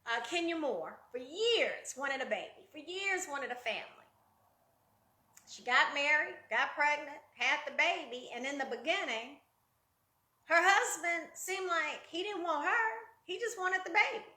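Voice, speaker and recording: A high-pitched woman coaching her listeners through a motivational talk. Her voice is bright and lively, and she often jumps into quoted voices. The room around her is echoey. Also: measured pace. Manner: conversational, addresses listeners as guys. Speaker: life coach.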